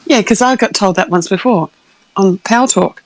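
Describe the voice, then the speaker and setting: A middle-aged woman chatting casually on a live stream, animated and swearing freely. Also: medium pitch, moderate pace, no room sound. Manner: animated, swears, acts out quoted voices. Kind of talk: casual chat.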